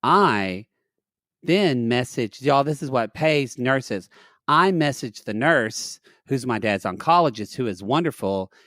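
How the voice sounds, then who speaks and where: A man co-hosting a podcast, telling a long story in casual chat, animated and profane, recorded on a dry, close mic. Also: mid-range voice, takes it slowly, no echo. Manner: animated, profane storytelling with dramatic quoted outbursts. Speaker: podcast co-host.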